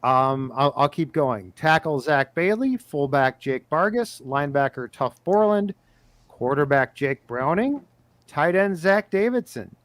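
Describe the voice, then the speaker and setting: A man co-hosting a sports podcast, casually chatting and briskly reading out news. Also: a little high, expressive, a bit bright, no room sound. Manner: brisk, reads lists of names in quick bursts. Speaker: podcast co-host.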